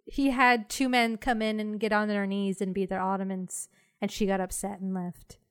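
A woman hosting a podcast, chatting casually with friends, laughing often and filling pauses with "like". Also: mid-range voice, level tone, smooth. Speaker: podcast host. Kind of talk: casual chat.

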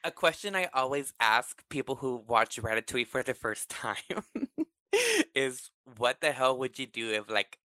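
A man hosting a casual podcast chat, excitable and swearing freely, with sudden high bursts of laughter. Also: moderate pace, no echo. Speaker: podcast host.

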